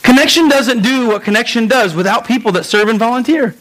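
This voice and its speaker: A man pastor preaching a sermon in a lively storytelling way, acting out voices and making quick asides. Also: very high voice, low-quality recording.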